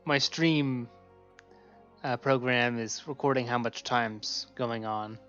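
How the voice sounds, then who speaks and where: A man streaming a game, chatting casually and narrating what he sees with excitement. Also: medium pitch, takes it slowly, dull audio, faint music behind. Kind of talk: casual chat while gaming.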